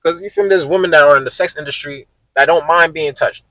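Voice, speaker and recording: A man's voice: a little high, fast talker, sharp tone, no echo, poor audio. A man hosting a podcast in casual, slangy chat, speaking emphatically and addressing listeners directly. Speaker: podcast host.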